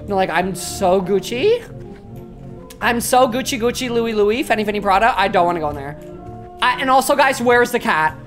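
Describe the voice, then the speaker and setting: A woman's voice: a little high, lively intonation, moderate pace. A woman streaming a horror game live, panicking, swearing and shrieking the same exclamations over and over. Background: game music.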